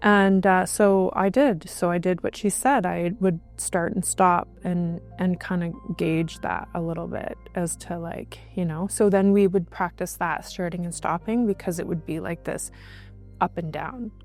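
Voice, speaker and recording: A woman guest recounting a personal experience in conversation, halting, with frequent restarts and fillers. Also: on the low side, steady tone, a little mellow, soft background music. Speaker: interview guest.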